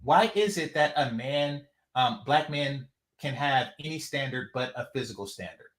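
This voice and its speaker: A man's voice: medium pitch, expressive, moderate pace, a bit bright, reverberant. A man hosting a reaction commentary on a clip, talking in an incredulous, sarcastic and emphatic way. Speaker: commentary channel host.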